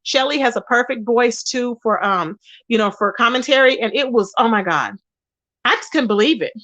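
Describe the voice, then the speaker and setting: A woman's voice: on the high side, normal speed, a bit bright, dry recording, lo-fi sound. A woman hosting a casual livestream, reading chat comments and gossiping straight to her viewers. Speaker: channel host.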